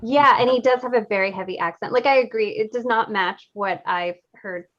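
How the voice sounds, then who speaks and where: A woman's voice: a little high, a little fast. Woman, casual panel chat, teasing, laughing, slightly dull lo-fi audio. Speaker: illustrator panelist.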